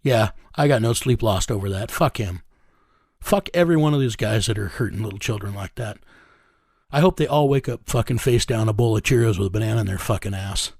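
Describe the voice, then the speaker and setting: A middle-aged man being interviewed, telling a rough story in a blunt, profane way and chuckling as he goes. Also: on the low side, fairly quick, darkish tone, no room sound, clean studio sound. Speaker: interviewee recounting a rescue case.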